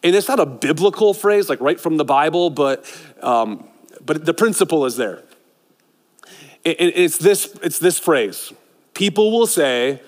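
A middle-aged man preaching a sermon as a pastor, swinging between loud excited passages and hushed, intimate ones. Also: fairly high pitch, moderate pace. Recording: long hall reverb.

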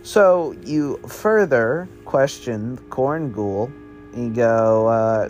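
A man's voice: medium pitch, expressive, drawn-out words, a little mellow, faint music behind. A man making up a spooky story as he goes, in a meandering, offhand, slangy way. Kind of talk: improvised spooky story narration.

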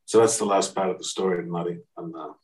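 A man's voice: deep voice, fairly even intonation, fast, a little mellow. A man from Australia, a guest speaker telling a story to a live audience. He acts out the quoted dialogue and often restarts his sentences. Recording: voice picked up from a distance.

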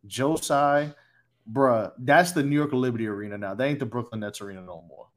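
A man co-hosting a sports podcast, loudly roasting a team with profane, mocking banter. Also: medium pitch, fairly quick. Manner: loud, profane trash talk with mock voices. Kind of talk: heated casual sports banter.

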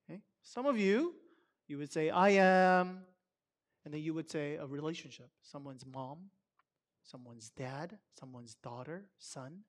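A man's voice: on the high side, expressive, moderate pace. A man speaking at a Sabbath church service through a microphone, talking loosely and conversationally and putting question after question to his listeners. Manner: conversational, asks the audience many questions; loose and chatty, filler words. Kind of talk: casual talk to a congregation.

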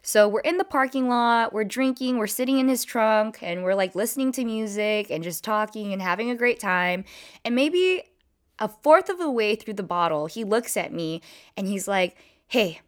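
A young woman telling a personal story to her viewers in a casual, animated way, with lots of "like" and "you know". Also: medium pitch, normal speed. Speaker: vlogger.

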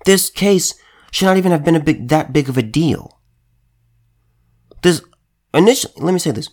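A man's voice: on the high side, normal speed, a little mellow. A man delivering an emphatic, heated commentary monologue, repeating and restarting his phrases as he talks. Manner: repetitive, stumbling restarts, heated. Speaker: political commentator.

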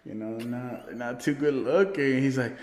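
A man's voice: mid-range voice, unhurried, darkish tone. A man telling a party story in casual chat, rambling and swearing, laughing often. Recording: roomy with long reverb.

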